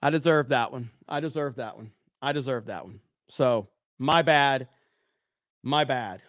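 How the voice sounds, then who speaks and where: A man's voice: mid-range voice, measured pace, fairly bright tone, no echo, clean studio sound. A man from Alabama with a Southern accent, hosting a livestream in casual, profane, rambling chat while reading super chats. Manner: profane, rambling, self-mocking. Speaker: livestream host.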